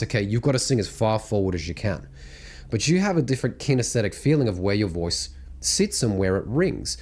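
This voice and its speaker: A singing coach gives a vocal technique lesson to camera in a blunt, casual style, breaking into hums and sung demonstrations. His voice is fairly low and a little mellow.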